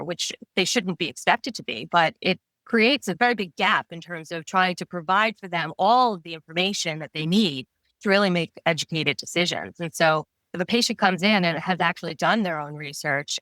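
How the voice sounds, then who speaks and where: A middle-aged woman with a Long Island New York accent, a retired oncologist explaining things clearly and warmly laughing as a podcast guest. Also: lowish voice, no room sound. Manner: articulate, explanatory, laughs easily. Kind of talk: podcast interview.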